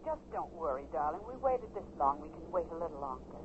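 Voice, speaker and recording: An actress playing a loving, anxious young woman in a 1950s radio drama, gentle and soothing. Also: low-pitched, very animated, quick pace. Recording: muffled, hissy 1950s radio broadcast.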